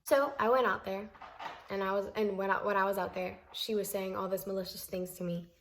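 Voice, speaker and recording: A woman's voice: medium pitch, steady tone, a little fast, vocal fry, a bit bright. Exasperated young woman telling a story. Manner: emphatic, exasperated retelling; repeats herself for emphasis. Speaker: vlogger. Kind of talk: storytime vlog.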